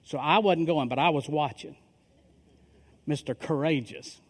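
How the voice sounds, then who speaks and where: A man's voice: fairly high pitch, measured pace, slightly rough. A middle-aged male pastor telling a story in a sermon, acting out the dialogue of the people in it. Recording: long reverb of a large hall.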